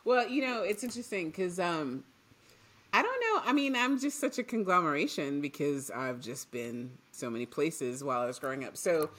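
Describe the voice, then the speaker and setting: A woman from Trinidad, chatting casually as a podcast co-host, telling stories and acting out what she once said. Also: low-pitched. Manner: animated storyteller, acts out her own past lines, quick asides. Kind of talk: casual chat.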